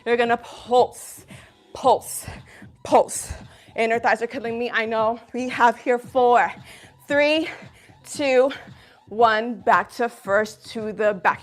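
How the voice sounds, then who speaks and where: A woman's voice: a little high, steady tone, slow pace. Breathless upbeat woman coaching a workout. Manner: upbeat, encouraging, counts reps and whoops. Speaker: fitness instructor. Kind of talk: live workout instruction.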